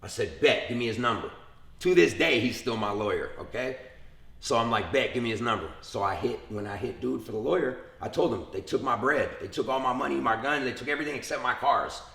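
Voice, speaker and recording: A young man tells his story in a casual interview with a gravelly, rough-edged voice. He acts out the people he quotes in a lively, profane way. The room around him has a noticeable echo. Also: medium pitch, fairly quick. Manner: animated retelling with acted quotes and profanity. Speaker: interview guest.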